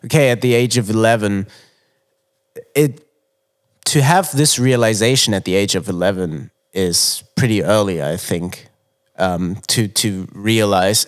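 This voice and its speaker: A man's voice: lowish voice, measured pace. A man hosting a casual interview, conversational and supportive as he asks follow-up questions. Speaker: podcast host.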